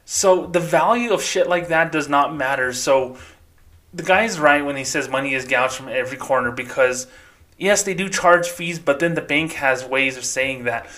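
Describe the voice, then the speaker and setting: A man's voice: a little high, normal speed, sharp tone. A man hosting a solo podcast, ranting heatedly and with profanity. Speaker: podcast host.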